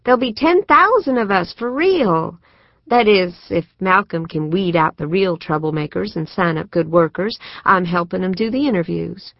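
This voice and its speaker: A woman voicing an excitable, idealistic younger sister who talks in an earnest, insistent way. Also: fairly low pitch, normal speed, creaky, no room sound. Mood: excited. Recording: dry, slightly muffled studio recording.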